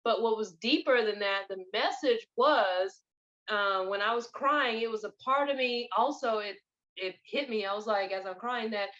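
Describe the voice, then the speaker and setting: A woman hosting a podcast, telling stories in a casual spiritual chat with an animated, expressive manner. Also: fairly high pitch, normal speed. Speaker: podcast host. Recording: dull lo-fi recording.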